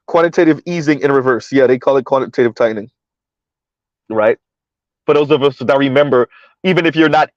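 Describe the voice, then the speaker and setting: A man's voice: medium pitch, dry recording, dull audio. A man giving casual commentary to his viewers while driving through floodwater, chatty, repeating himself and laughing often. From South Florida. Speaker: commentary vlogger.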